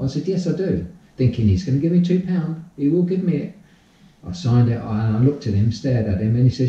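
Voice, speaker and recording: An older man, a podcast guest telling his life story in a casual, animated way and acting out the dialogue. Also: medium pitch, brisk. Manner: animated storyteller, acts out dialogue, repeats phrases. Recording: distant, roomy, dull-sounding audio.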